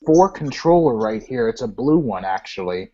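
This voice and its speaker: A man's voice: mid-range voice, very animated, normal speed, warm tone. A man chatting as a guest on a casual live video call, easygoing and repeating himself. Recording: muffled lo-fi webcam audio.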